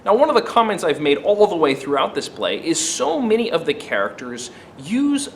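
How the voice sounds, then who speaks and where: Man, teacher, literature lesson, higher voice, explanatory, wry asides. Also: big pitch swings, moderate pace, slight background noise.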